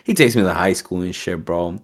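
A man's voice: sits low, quick pace. A man telling a story as a podcast guest, in a casual streetwise manner with heavy swearing. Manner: streetwise slang, heavy swearing, animated quoting.

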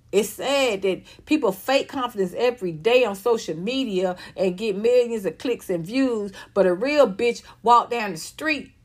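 A woman's voice: on the high side, slightly rough. Emphatic, profane woman in her fifties. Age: 50s. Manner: emphatic, profane, repeats herself. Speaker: vlogger. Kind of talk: ranting monologue.

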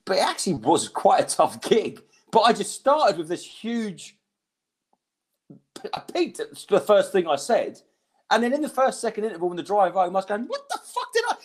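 A man in his thirties, a comedian hosting a podcast, telling swear-laden, self-mocking anecdotes in casual chat. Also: high-pitched. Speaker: stand-up comedian and podcast host.

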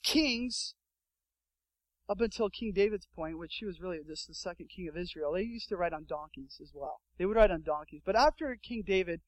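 A young adult man preaching a sermon as pastor, telling a story with lively acted-out quotes. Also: high-pitched, brisk, dry recording, poor audio.

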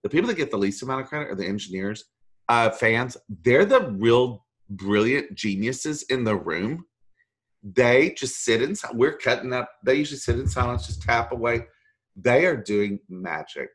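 A middle-aged man, a voice actor, chatting as an interview guest and telling animated, self-deprecating stories with mimicked voices. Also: medium pitch, normal speed, slightly rough. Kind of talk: casual interview chat.

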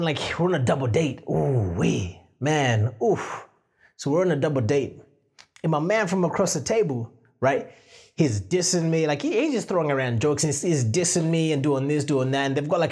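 Aussie guy on his podcast, telling stories all slangy and animated, kinda husky voice. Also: a little high. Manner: animated, slangy, acts out his own quotes with sound effects. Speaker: podcast host. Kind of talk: casual storytelling monologue.

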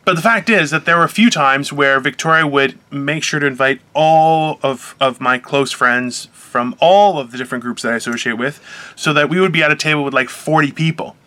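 Brief: man, comedian, somewhat high and bright, blunt and sweary, mock-stern in casual chat. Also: brisk.

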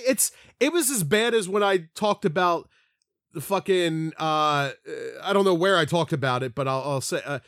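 A middle-aged man from the Philadelphia area rambles through a story on a podcast, restarting sentences and swearing freely. His voice sits high and swings widely in pitch, lively and animated. The sound is close and dry, with no room echo. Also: normal speed. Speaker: podcast co-host. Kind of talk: casual chat.

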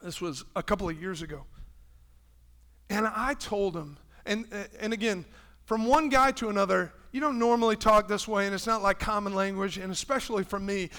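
High, bright-voiced impassioned male pastor. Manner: impassioned, swings from loud preaching to hushed tones; acts out quoted voices in his preaching. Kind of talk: sermon. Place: church.

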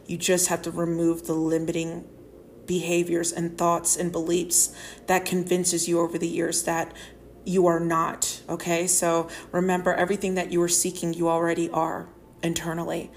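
A woman's voice: on the low side, completely flat delivery, moderate pace, slight background noise. A woman talks alone on her podcast, earnest and heartfelt. Her speech rambles and is full of fillers. She is close to tears while also laughing. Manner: emotional, tearful and laughing at once. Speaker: podcast host. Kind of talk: solo podcast monologue.

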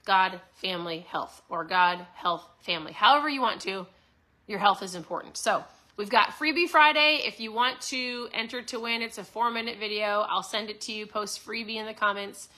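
A woman in her forties hosting a casual motivational talk, upbeat and chatty, often tossing in a quick "right?" to her listeners. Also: mid-range voice, sharp tone. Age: 40s. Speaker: host.

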